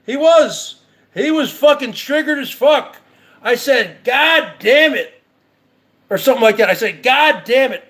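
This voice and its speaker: A man's voice: very high voice, fairly bright tone. A man hosting his own show, ranting in heated, profane, repetitive commentary. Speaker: show host.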